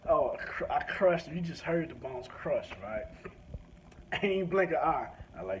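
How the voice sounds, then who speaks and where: A man's voice: fairly high pitch, measured pace. A man from a rural country town telling a crude, swearing rant while driving. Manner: crude, animated, swears freely. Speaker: vlogger. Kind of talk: profane storytelling rant. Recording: dull lo-fi sound, faint noise.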